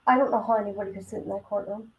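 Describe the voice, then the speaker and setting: A woman's voice: medium pitch, fairly even intonation, rapid-fire, poor audio. A woman hosting a casual livestream chat about a trial, making exasperated, sarcastic asides. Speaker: livestream host.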